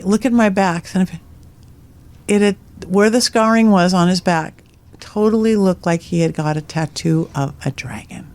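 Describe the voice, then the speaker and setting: A woman's voice: medium pitch, darkish tone. A middle-aged woman, a psychic medium guest on a podcast, telling ghost stories with energy and laughing at her own lines. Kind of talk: animated storytelling in conversation.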